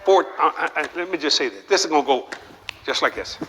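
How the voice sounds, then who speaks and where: Older guy preaching, animated storyteller, long reverb w/ a bit of hiss in the hall. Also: a little high, fast. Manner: animated, joking storytelling with repeated rhetorical questions. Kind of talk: sermon. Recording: long hall reverb, faint background noise.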